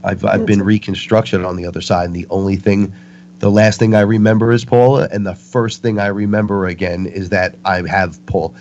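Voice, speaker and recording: A man talks as a guest on a spiritual talk show, with a low, grounded voice. He tells stories with animated energy and acts out the voices he quotes. The recording sounds muffled and lo-fi, with faint noise behind him. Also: moderate pace. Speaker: interview guest.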